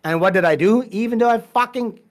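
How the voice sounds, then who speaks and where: A man's voice: high-pitched, brisk. Male podcast guest, rambling profane storyteller, frequent restarts.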